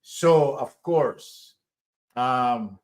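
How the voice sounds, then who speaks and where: A man from Jamaica with a Jamaican accent, hosting a casual chat in a measured, reassuring way. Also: medium pitch.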